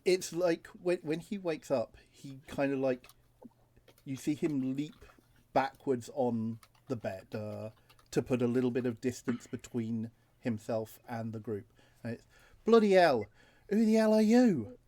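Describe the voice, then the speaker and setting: A man running a tabletop game speaks slowly and haltingly, filling gaps with many "uh"s. His voice sits at an ordinary middle pitch. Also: fairly even intonation, warm tone. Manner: slow and halting, many fillers. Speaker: game master.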